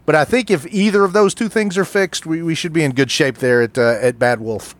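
A man's voice: on the high side, brisk, no room sound. An older man co-hosting a podcast in an easygoing, self-deprecating way, recorded remotely. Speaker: podcast co-host. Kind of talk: casual chat. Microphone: remote recording setup.

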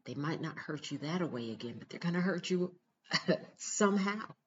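A woman's voice: low-pitched, animated, moderate pace, dull audio, a little hiss or hum. A mother talking straight to her viewers in a casual vlog, earnest, emphatic and direct. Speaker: mother giving relationship advice.

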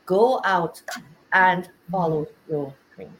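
A woman's voice: fairly low pitch, takes it slowly, slight background noise, rough recording. A woman who is a guest author on a casual interview, speaking in an earnest, motivational way with some nervous restarts.

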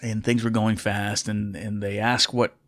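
A man's voice: on the low side, level tone, measured pace, a bit bright. A middle-aged man, a former military officer turned pilot, telling a story in a candid, reflective way with fillers and restarts. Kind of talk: casual storytelling.

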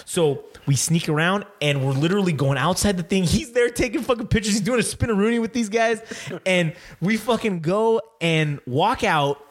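Man, podcast host, casual storytelling, profane, animated, slightly high voice. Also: moderate pace.

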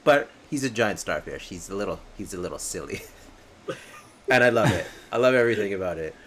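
A man in a casual movie chat, animated and laughing, jumping in with quick reactions. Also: fairly low pitch, slight background noise.

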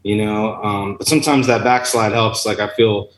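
A man with a fairly low voice talks in an earnest, rambling, philosophical way, like a musician chatting on a show. The room around him is echoey, with a faint hum of ambience behind. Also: fairly even intonation, moderate pace. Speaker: musician guest. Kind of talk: casual chat.

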